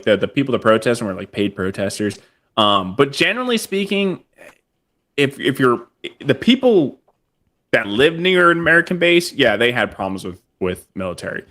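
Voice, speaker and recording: A man who served in the military, telling service stories in a relaxed, anecdotal way. His voice is of middle pitch, and small chuckles slip into his phrases. He talks casually, as in a podcast chat. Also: moderate pace. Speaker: podcast guest, Navy veteran.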